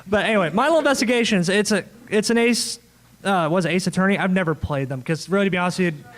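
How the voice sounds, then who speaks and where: Man, high voice, casual panel moderator with a quick joking manner. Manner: joking, laughing, quick asides. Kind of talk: casual convention panel chat. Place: convention panel room.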